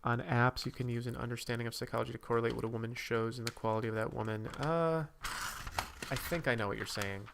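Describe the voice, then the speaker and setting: A man's voice: medium pitch, fairly even intonation, fast, creaky, a bit bright, a little hiss or hum. A man hosting a casual livestream, rambling while he reads and answers viewers' comments and draws. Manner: drawing while talking. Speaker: streamer host.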